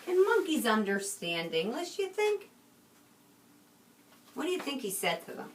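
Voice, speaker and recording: A woman teacher reading a picture book aloud to a class with expression, pausing often to ask the children questions, recorded in a roomy space from a distance. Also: a little high, very animated, fairly bright tone.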